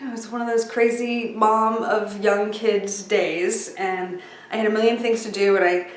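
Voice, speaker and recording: A woman's voice: medium pitch, fairly even intonation, measured pace. Chatty woman in an echoey room. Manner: chatty, with fillers and asides. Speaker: speaker sharing breathing tips. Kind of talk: casual storytelling talk. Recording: echoey room, mic at a distance.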